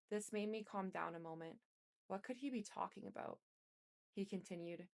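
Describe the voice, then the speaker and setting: A woman reading a memoir aloud in an even, unhurried way, with small restarts. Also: medium pitch, creaky. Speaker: reader.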